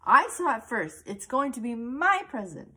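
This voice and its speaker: A woman voicing a playful father who speaks loudly and gleefully. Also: fairly high pitch, very animated, moderate pace, breathy edge, pitched above the performer's own voice, full character voice. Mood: insistent. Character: playful father, teasing and possessive.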